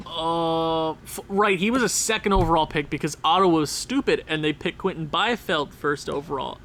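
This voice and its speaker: Dude hyped up narrating his game, kinda high voice, yelling at the teams on screen. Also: normal speed, a little hiss or hum. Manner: excitable, talks to the game and players. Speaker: gaming channel host. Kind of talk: casual gameplay commentary.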